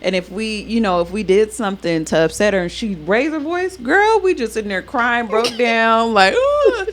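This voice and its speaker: A woman's voice: fairly high pitch, normal speed, a little hiss or hum. A woman in her thirties co-hosting a podcast, telling stories in a casual, laughing way. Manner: laughing, animated storytelling. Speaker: podcast co-host. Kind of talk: casual chat.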